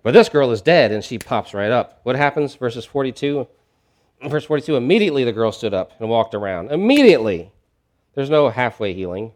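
Preaching man, loud and quiet by turns. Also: mid-range voice, animated, fairly quick. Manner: conversational, swings between loud emphatic and quiet. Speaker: pastor. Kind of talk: sermon.

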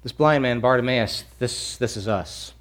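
A man from Louisiana preaching a sermon, animated and emphatic, with lots of repetition. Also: medium pitch, a little slow. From Louisiana, USA.

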